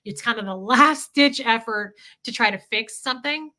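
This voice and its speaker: Bright-voiced woman, candid and emotional. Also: fairly high pitch, normal speed. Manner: emotional, confessional, swears freely. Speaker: livestream host. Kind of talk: candid livestream chat.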